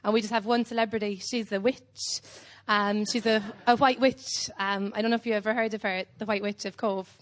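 A young woman with an Irish accent tells a meandering standup story on a club stage. She keeps a dry, deadpan delivery and drifts from point to point, filling the gaps with ums. Her voice sits at a middle pitch for a woman. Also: fairly quick, few pauses. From Ireland. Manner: whimsical, rambling deadpan storytelling with frequent ums. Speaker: standup comedian. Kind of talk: live standup set.

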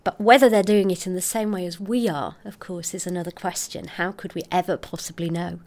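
Woman, middle-aged, articulate interview guest; somewhat low pitch. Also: brisk. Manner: articulate, expressive storyteller. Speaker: scientist guest. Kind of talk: interview, explaining research.

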